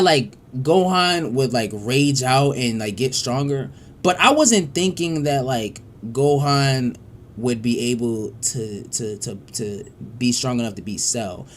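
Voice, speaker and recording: A man giving casual reaction commentary as a streamer, excitable, profane and rambling with frequent restarts. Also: mid-range voice, measured pace.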